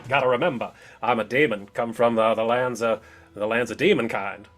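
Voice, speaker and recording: A doddering, forgetful old demon, put on by a man rambles along in a folksy way. His pitch sits in an ordinary middle range. Faint music plays underneath. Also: steady tone, brisk, natural voice.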